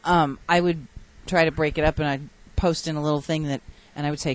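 A woman co-hosting a casual radio chat show, soft-spoken with laughing asides. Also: low voice, steady tone, a little fast, hardly any pauses.

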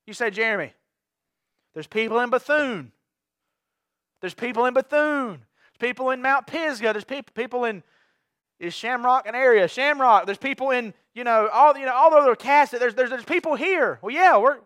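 A man's voice: extremely high pitch, fairly bright tone, no room sound, studio quality. A young man preaching a sermon as pastor, fervent and given to repeated rallying cries. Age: young adult. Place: church sanctuary.

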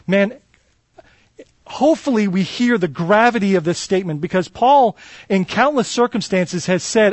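A man delivers a sermon in a fairly high voice, earnest and emphatic as he works through a passage. He stumbles and restarts often, filling pauses with "uh". The sound is dry, with little room echo. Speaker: pastor.

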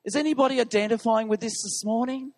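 A man's voice: extremely high pitch, steady tone, fast talker, a little mellow. A man preaching a sermon to his congregation, putting questions to the listeners. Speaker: pastor. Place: church hall. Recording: long reverb of a large hall.

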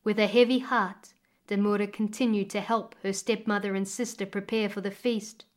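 A woman storyteller reading a folk tale aloud in a measured, expressive way. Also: mid-range voice. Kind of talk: storytelling narration.

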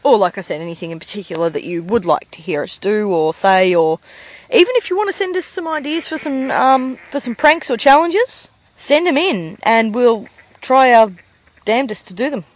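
A woman's voice: on the high side, expressive, normal speed. An Australian woman co-hosting a podcast in casual chat, a rambling joke-teller who giggles often. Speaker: podcast co-host.

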